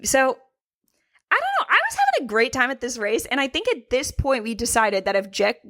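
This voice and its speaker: Animated, laughing woman podcast co-host. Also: on the high side, brisk. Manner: animated, swearing, laughing often. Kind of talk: casual chat.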